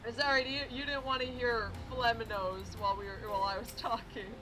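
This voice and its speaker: A woman's voice: a little high, steady tone, brisk, noisy background. A woman playing a game on stream, chatting casually and emotionally while she moves her character. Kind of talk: casual let's-play chat.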